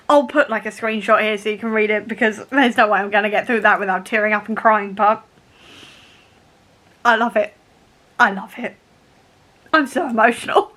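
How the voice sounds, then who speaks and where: A woman's voice: fairly high pitch, bright, forceful tone. A young woman vlogging casually about a book she is reading, gushing and emotional, often laughing.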